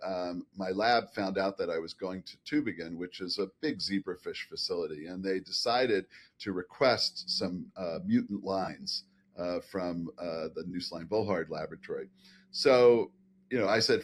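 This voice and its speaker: A man's voice: low voice, a little hiss or hum. Laughing older man telling a story. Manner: animated, laughing storyteller with many fillers. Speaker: scientist guest. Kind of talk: anecdotal storytelling.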